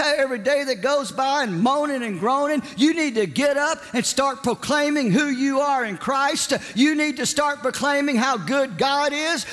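A man voicing a fed-up, stern male pastor who scolds and exhorts in a loud, commanding, repetitive way, with long hall reverb. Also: very high voice, voice pushed up.

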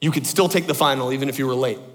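A man telling a personal story to an audience in an animated, excitable way, full of exclamations. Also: medium pitch, racing, long reverb tail. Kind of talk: personal anecdote told to an audience.

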